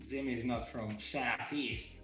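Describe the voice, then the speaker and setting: A man's voice: medium pitch, slow pace, faint music behind. A man hosting a game development live stream, joking casually and reading out chat messages. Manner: relaxed, joking, reads chat aloud. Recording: roomy echo.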